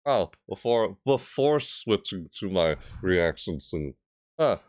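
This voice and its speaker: A man reacts casually to a gaming video, thinking aloud in rambling, stop-start asides and bursting into loud screeching imitations. His voice is low and sing-song, the pace slow, with clean studio sound and no echo.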